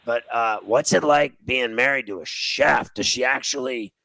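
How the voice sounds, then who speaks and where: Gravelly, bright-voiced man chatting. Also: mid-range voice, moderate pace, dry recording, poor audio. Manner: animated storyteller, acts out quotes. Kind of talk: casual chat.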